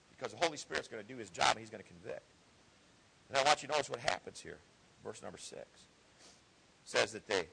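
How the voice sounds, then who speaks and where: A middle-aged man preaching a fervent sermon, swinging from loud exhortation to hushed personal storytelling. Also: mid-range voice, creaky, husky, low-quality recording.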